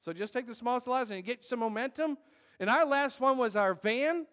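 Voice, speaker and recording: A man's voice: very high-pitched, fairly quick, fairly bright tone. A man preaching as a pastor, earnest and emphatic with joking asides. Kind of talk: sermon. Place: church sanctuary. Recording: dull, long hall reverb.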